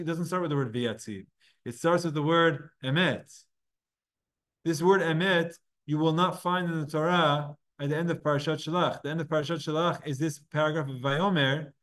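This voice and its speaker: This man's voice sits fairly high and has a slightly bright quality. He's teaching Talmud informally, breaking the reasoning into steps and asking himself questions he then answers, all in a conversational tone with his class.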